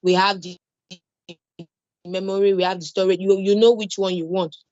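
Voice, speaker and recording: A woman's voice: mid-range voice, flat delivery, moderate pace, a little mellow, dry recording. Woman, Nigerian English accent, online cloud lecture, repeats points, reassuring, dull dry lo-fi audio. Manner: repetitive, reassuring, explains with everyday examples. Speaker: cloud security instructor.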